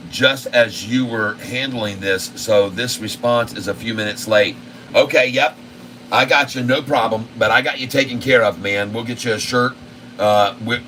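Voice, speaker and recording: A man's voice: mid-range voice, sharp tone. A man hosting live stock market commentary, insistent and repetitive as he rattles off long lists of prices. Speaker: channel host. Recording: distant mic with faint air conditioning hum.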